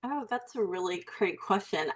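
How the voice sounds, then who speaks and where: A woman's voice: mid-range voice, lively intonation, normal speed. A young woman from Alabama with a Southern accent, speaking as an interview guest in a hesitant, reflective way with many fillers and restarts. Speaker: mindset coach, guest. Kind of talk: casual interview talk.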